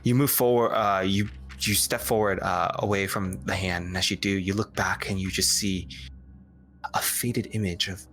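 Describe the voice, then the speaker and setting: A man narrating as game master in a tabletop game, with slow, descriptive storytelling that halts on fillers. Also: sits low, steady tone, fairly bright tone, soft background music.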